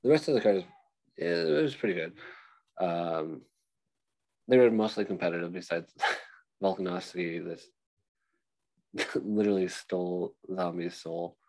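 Deep-voiced joking man on a podcast. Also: normal speed, long pauses, mellow, rough recording. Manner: joking, laughs often, mocking voices. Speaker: podcast co-host. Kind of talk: casual podcast banter.

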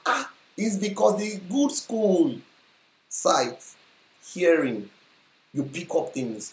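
Emphatic Nigerian preacher in an echoing hall. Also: medium pitch. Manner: emphatic, repeats phrases, asks the crowd rhetorical questions. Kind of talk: live sermon. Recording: roomy hall echo.

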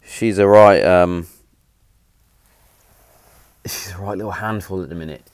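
Blunt man with a low voice. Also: steady tone, a little slow, a little mellow, no room sound, clean studio sound. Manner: blunt, chatty and sweary, with repeated phrases and restarts. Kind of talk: casual storytelling monologue.

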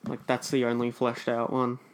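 A man chatting casually on a podcast, his voice sitting at an ordinary middle pitch. He rambles and stalls, filling gaps with "um" and "like" as he works through a thought. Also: completely flat delivery, clear, resonant tone. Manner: rambling, halting with many fillers. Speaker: podcast co-host. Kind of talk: casual chat.

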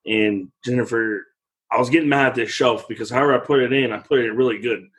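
Laughing, husky-voiced young father. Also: medium pitch, fast talker, rough recording. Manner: animated, laughs often while telling stories. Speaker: podcast co-host, father. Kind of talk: casual chat, storytelling.

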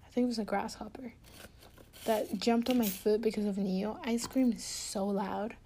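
A woman chatting intimately and casually to her partner, giggly and rambling in a soft, often half-whispered voice. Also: medium pitch, steady tone, normal speed, slight background noise. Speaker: podcast host talking to her partner. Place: indoors at home.

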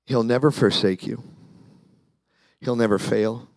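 A man's voice: medium pitch, fairly even intonation, unhurried, creaky, no room sound. A man preaching a sermon as pastor, talking conversationally, repeating words and acting out the people in his story.

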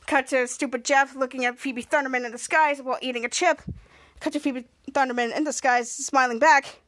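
A woman podcast host walks through a TV episode scene by scene, rambling and restarting as she goes. Her voice is high, and the recording is dry and close with no room echo. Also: fairly even intonation, brisk, a bit bright. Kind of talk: episode recap narration.

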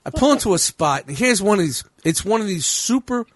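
A man's voice: sits high, big pitch swings, brisk, slightly rough, no echo. A man co-hosting a podcast, talking casually in a rambling, profane way and laughing often. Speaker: podcast co-host. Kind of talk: casual chat.

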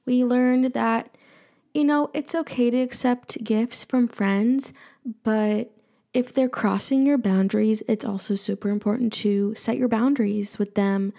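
A woman hosting an advice show, talking through listener questions in an easy, casual way. Her voice sits a little high, with a gravelly fry running through it. She takes her time, teasing and cracking jokes before taking them back. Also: steady tone, a little slow, warm tone. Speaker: advice podcast host.

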